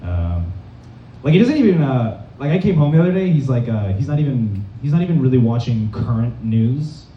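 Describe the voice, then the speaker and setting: A young man from Massachusetts doing a rambling stand-up set in a comedy club, deadpan and full of fillers. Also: mid-range voice, fairly quick. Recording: dull, roomy, distant club recording.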